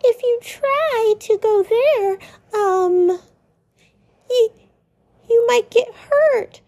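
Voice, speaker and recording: A woman's voice: very high voice, very slow, darkish tone, pitched above the performer's own voice, full character voice. A woman voicing a small, nervous male game prince who stammers and hesitates. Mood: worried.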